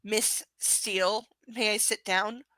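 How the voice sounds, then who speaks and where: A woman reading the lines of a cold, controlling rich young husband in a slow, clipped way. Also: medium pitch, steady tone, pushed and bright, no echo, rough recording.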